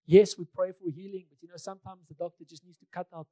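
Man, pastor, sermon, fairly high voice, conversational, repeats phrases, light humor, dry sound. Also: fairly even intonation, fast, mellow, no echo.

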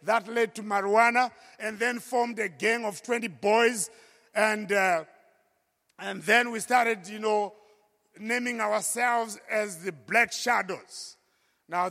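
A man telling his life story to an audience in an emphatic testimony style, at times raising his voice to a shout. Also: sits high, slow pace. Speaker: speaker giving a personal testimony. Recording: long reverb of a large hall.

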